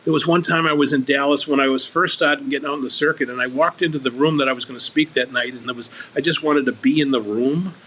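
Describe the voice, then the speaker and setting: A man's voice: medium pitch, fairly bright tone, a little hiss or hum, poor audio. A man speaking as a guest on a recovery podcast, earnest and candid, often restarting and repeating his words.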